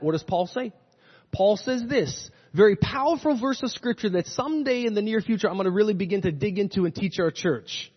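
High, husky-voiced preacher in an echoing hall. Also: male voice, a little fast. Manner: animated preaching, swinging from loud to hushed. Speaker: pastor. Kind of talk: sermon. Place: church sanctuary. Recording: dull lo-fi recording in a reverberant hall.

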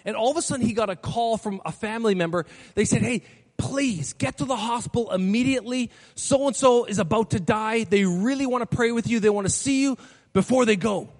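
A man preaches a sermon and acts out the characters in his stories with lively voices. His voice sits high. It rings through a large hall with a long echo. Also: fairly quick. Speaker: pastor. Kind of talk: sermon with storytelling.

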